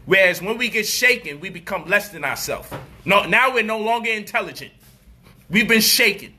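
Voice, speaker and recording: A man delivering an animated, profane street-style commentary monologue, mocking people and acting out their voices. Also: sits high, moderate pace, slight background noise.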